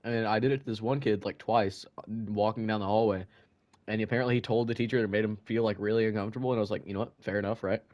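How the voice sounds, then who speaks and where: Low-voiced young man, laid-back. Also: steady tone, rapid-fire, a little mellow. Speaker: podcast co-host. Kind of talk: casual storytelling chat.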